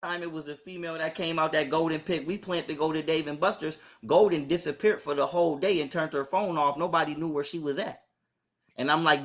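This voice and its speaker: A man with a high voice tells a story in loose, profane chat. He talks in an animated, heated way. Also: a little fast.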